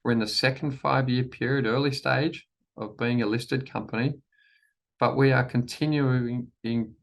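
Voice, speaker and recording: A man with a gravelly, fry-edged voice of ordinary pitch delivers a formal shareholder presentation. He speaks in a measured, deliberate way, circling back to the same phrases and often restarting mid-sentence with an "um". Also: steady tone. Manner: measured, repeats key phrases, frequent restarts and ums. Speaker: company chief executive presenting to shareholders.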